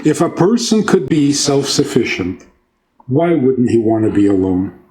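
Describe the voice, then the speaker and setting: A man's voice: medium pitch, sing-song, measured pace, darkish tone. A man who is a rabbi, giving an informal talk on scripture, asking his audience questions and joking along the way. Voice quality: conversational, asks the audience questions and jokes.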